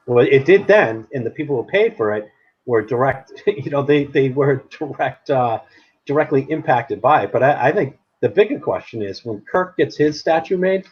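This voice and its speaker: A man co-hosting a casual podcast chat, opinionated and animated, laughing often. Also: medium pitch, moderate pace, breathy edge. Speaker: podcast co-host. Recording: dull lo-fi sound with faint noise.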